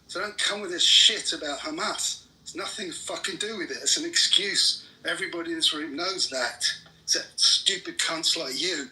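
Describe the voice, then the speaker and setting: A man's voice: on the high side, normal speed, bright, forceful tone, poor audio. A man in a heated political argument, furious and swearing constantly as he rants. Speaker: debate participant.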